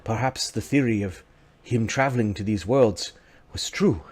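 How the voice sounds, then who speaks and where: A man narrating a tabletop game as game master in a halting, casual way. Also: lowish voice, a little mellow, breathy edge.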